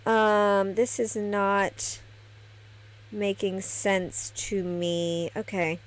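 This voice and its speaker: A woman's voice: mid-range voice, slow pace. A woman giving casual gameplay commentary, chatty and thinking aloud as she decorates a virtual house. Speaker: gameplay streamer.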